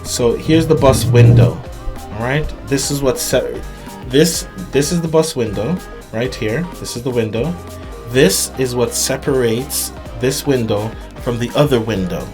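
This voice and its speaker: A man at an ordinary speaking pitch tells his audience a harrowing personal story. He speaks earnestly, often stopping, restarting and doubling his words as he works through it. Faint music plays in the background. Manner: halting, with frequent restarts and repeated words; earnest, emphatic retelling. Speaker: vlogger.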